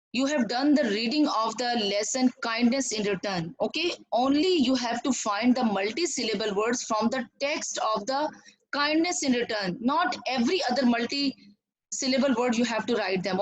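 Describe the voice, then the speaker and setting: Slow, patient woman teaching children. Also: fairly high pitch, rough recording. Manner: slow, repetitive, clapping out syllables. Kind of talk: online classroom lesson.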